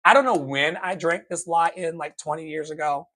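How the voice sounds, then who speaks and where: A man in his thirties speaks in a slightly high voice with a preacherly, emphatic delivery. His motivational talk builds to sudden loud exclamations. A light flavor colors his speech. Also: moderate pace.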